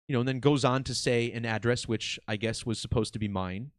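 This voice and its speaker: A man hosting his own video channel, talking casually and excitedly to viewers, swearing now and then. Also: medium pitch, fast, few pauses, dry recording, studio quality. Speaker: video host.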